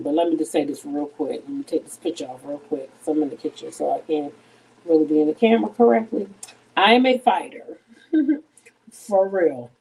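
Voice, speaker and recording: A woman's voice: fairly low pitch, a little mellow, distant mic, poor audio. A middle-aged woman hosting a casual live stream from her kitchen while she cooks. She talks bluntly, heatedly and with plenty of profanity. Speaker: livestream host. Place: home kitchen, cooking. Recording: voice a bit off-mic.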